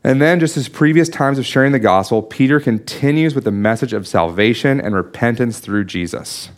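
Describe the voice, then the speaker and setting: A man's voice: mid-range voice, fairly quick. Man preaching an earnest Bible sermon. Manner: earnest, teaching, with restarts and asides. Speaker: pastor.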